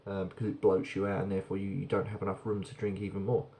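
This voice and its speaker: A man's voice: sits low, monotone, fast talker, warm tone. A man casually reviewing a beer on camera, chatty and rambling, often repeating words as he goes.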